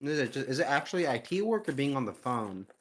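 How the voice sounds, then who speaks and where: A man's voice: medium pitch, big pitch swings, fast talker. A young man chatting casually as a player in a tabletop game, easygoing and laughing often. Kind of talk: casual chat.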